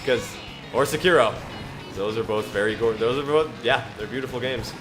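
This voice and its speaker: A man's voice: mid-range voice, moderate pace, music in the background. A man streaming a racing game, chatting jokily and breaking into mock-archaic phrasing and scripture reading. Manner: playful, jokey, slips into mock-archaic phrasing. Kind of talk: casual gameplay stream chat with scripture reading.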